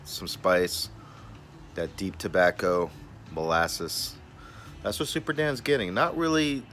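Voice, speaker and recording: A man's voice: sits low, fairly bright tone, a little hiss or hum. A man reviewing a cigar in a casual vlog, laid-back and chatty, who often calls himself by his own nickname in the third person. He is recorded outdoors in a backyard.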